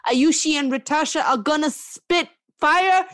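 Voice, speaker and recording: Woman, podcast co-host, playful, theatrical, high-ish voice, dry close sound. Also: animated, moderate pace, no echo. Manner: playful, theatrical, jokey rhyming. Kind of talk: casual chat.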